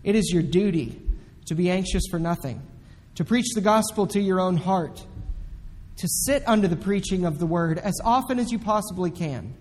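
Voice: medium pitch, expressive, moderate pace, darkish tone. A pastor preaching a sermon with emphasis, repeating the key commands again and again. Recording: long echoey hall reverb.

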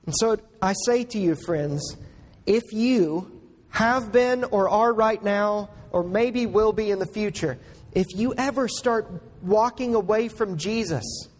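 A man preaching a sermon as a pastor, slow and earnest, pressing each point with emphatic rises. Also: high-pitched. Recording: long hall reverb.

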